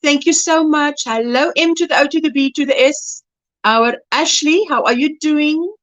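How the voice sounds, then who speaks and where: A South African woman hosting a casual crochet livestream, warmly greeting viewers by name. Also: sits high, normal speed, no room sound, muffled recording.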